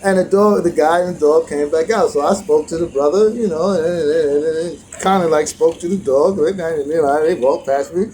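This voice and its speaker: A man with a somewhat high voice shares a rambling, reflective story with his viewers, circling back and restarting his sentences as he goes. He gets animated when he retells moments of being challenged. Quiet outdoor ambience hums faintly behind him. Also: moderate pace, hardly any pauses, a little hiss or hum, low-quality recording. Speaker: vlogger sharing a daily teaching.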